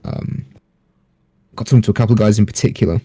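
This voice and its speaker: A podcast guest tells a rambling story in casual conversation, his voice low and warm with a breathy edge. He swears easily and slips into quick voices for other people's lines. The recording is dry and close-miked.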